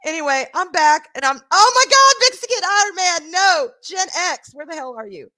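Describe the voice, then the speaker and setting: A middle-aged woman from the American South with a Southern accent, chatting casually and warmly with her stream audience, laughing often and swearing now and then. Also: very high-pitched, very animated, moderate pace.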